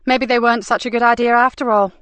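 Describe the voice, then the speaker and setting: A woman voicing a tough, blunt female detective inspector, speaking brisk, loud and wry. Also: a little high, steady tone, clean tone, no echo, pitched above the performer's own voice, natural voice.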